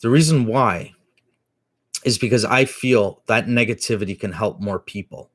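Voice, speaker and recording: A middle-aged man talks casually to his live-stream viewers, his low voice circling back on itself with fillers and restarts. The sound is dry and close, with no room around it. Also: moderate pace, a bit bright, slightly rough, no room sound. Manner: rambling storytelling with many restarts and fillers.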